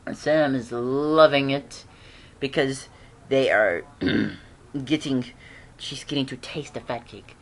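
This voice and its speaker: An excitable fan recaps a TV episode in a loose, chatty vlog. The delivery rambles and restarts, with frequent throat clearing and little laughs. The speaker keeps slipping into the characters' lines. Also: medium pitch, takes it slowly.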